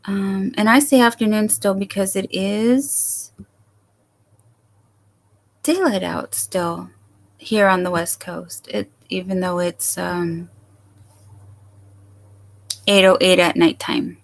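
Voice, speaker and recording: A woman's voice: mid-range voice, steady tone, slow, long pauses. A woman hosting a casual late-night livestream from home, chatting and rambling as she greets viewers by name. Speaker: livestream host.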